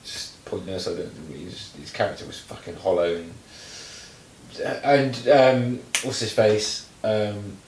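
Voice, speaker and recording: A man co-hosting a casual chat, rambling through films with lots of fillers and restarts, turning animated when he mocks something. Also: fairly low pitch, measured pace, roomy sound, distant mic, a little hiss or hum, low-quality recording. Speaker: podcast co-host.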